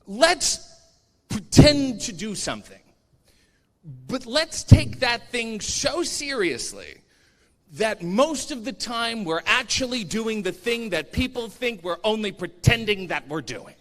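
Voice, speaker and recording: A man's voice: sits high, big pitch swings, takes it slowly, fairly bright tone. A man performing a stand-up comedy set on a convention stage, sardonic and self-mocking. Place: convention stage before a live audience. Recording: reverberant stage hall.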